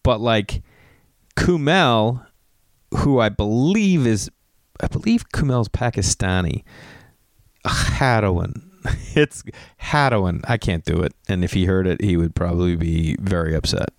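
A man's voice: lowish voice, unhurried, no echo, studio quality. A middle-aged man hosting a podcast, rambling through a profane story with lots of digressions and acted-out quotes. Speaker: podcast host. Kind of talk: casual rambling monologue.

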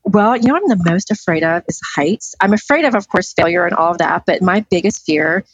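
Enthusiastic middle-aged woman, low voice, slightly dull. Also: lively intonation, fairly quick, husky, dry recording. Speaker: podcast guest. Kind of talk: casual interview chat.

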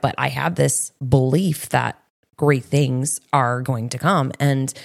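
A woman co-hosting a podcast, telling rambling stories in a casual chat. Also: low voice. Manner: storytelling, rambling with fillers. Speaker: podcast co-host.

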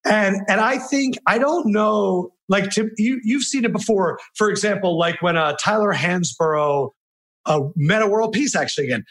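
Joking man with a slightly high voice. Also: moderate pace, fairly bright tone. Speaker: podcast co-host. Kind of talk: casual chat.

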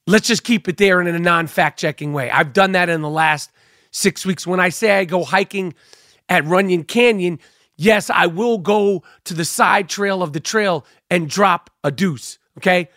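A middle-aged man spins a profane story on his podcast and acts out the other voices as he goes. His voice sits high for a man. The sound is close and dry, with no room around it. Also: normal speed, no room sound. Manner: animated, swearing, acts out quoted voices. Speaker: podcast host. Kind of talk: profane comic storytelling monologue.

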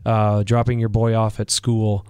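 A man's voice: on the low side, unhurried, clean tone, no room sound. Male podcast host asking questions, chill, dry close mic. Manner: relaxed, asks questions. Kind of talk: casual chat, interviewing.

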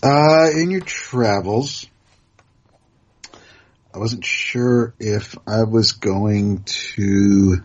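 Slow, husky man on a podcast. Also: fairly low pitch, dull audio. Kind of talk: casual comics chat.

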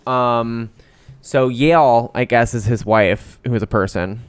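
A man talking in a loose, rambling way, getting heated and profane as he goes. His voice is smooth and even, at a middling pitch, recorded close and dry with no room sound. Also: slow pace, dry recording. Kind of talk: casual chat about celebrity gossip.

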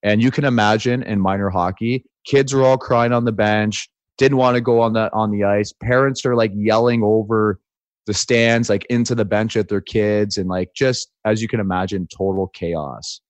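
A man in his forties co-hosts a podcast in loose, joking chat, telling stories full of "like" and "right?". His voice sits fairly low and is recorded close on a studio mic with no room sound. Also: fairly even intonation, normal speed, no echo. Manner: joking, storytelling, says "like" and "right?" often. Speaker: podcast co-host. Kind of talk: casual chat.

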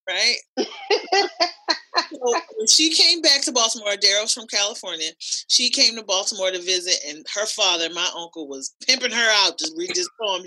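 A woman hosting a podcast, telling animated, profane stories in casual chat. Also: medium pitch, low-quality recording. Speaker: podcast host; cheerleading coach.

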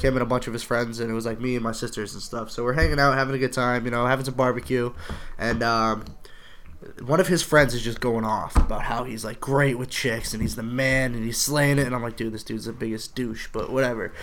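A man's voice: mid-range voice, slight background noise. Laid-back young man telling a story. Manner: laid-back, swears casually. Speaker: podcast co-host. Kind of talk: casual storytelling.

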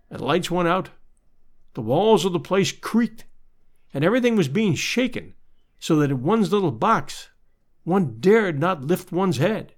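Male narrator, fairly high voice, lively rise and fall, measured literary storytelling.

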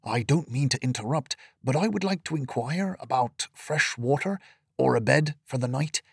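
A man voicing a polite male traveller who speaks softly and courteously. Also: medium pitch, expressive, moderate pace, gravelly, husky, no echo, clean studio sound. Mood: hushed polite. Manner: soft, hushed and courteous.

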